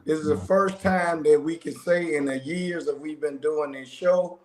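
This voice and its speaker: A man's voice: a little high, steady tone, normal speed, darkish tone. Teasing man hosting a sports podcast. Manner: showman-style introductions, teasing. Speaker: podcast host. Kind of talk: casual sports podcast chat. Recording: echoey room with faint noise.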